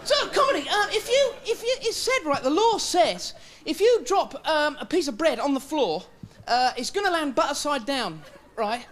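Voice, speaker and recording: Frantic high-voiced stammering male comic. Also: very animated, moderate pace, few pauses. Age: young adult. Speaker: stand-up comedian. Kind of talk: stand-up comedy set. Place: TV studio stage with live audience. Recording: loud audience laughter and studio noise.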